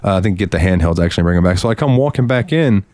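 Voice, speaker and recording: A young man from Florida, co-hosting a podcast, telling an animated story and swearing freely. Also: deep voice, rapid-fire, dry recording. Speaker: podcast co-host. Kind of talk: casual storytelling.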